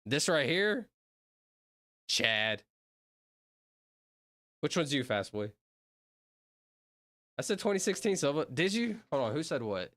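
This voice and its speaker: A man rambles through casual reaction commentary and breaks into sudden excited yelps. His fairly high voice swings widely in pitch. The sound is dry and close. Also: slow, pauses often, no room sound. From Southern United States. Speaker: streamer reacting to videos.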